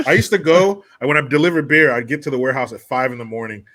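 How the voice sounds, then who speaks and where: A man's voice: mid-range voice, quick pace, a bit bright. A man co-hosting a podcast, ranting profanely in casual chat and putting on voices to quote movies. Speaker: podcast co-host.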